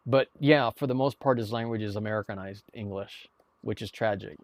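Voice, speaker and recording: A man's voice: fairly low pitch, fairly quick, dry recording. A man chatting casually to viewers on a live stream, rambling, with many restarts and repeated words. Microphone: streaming mic.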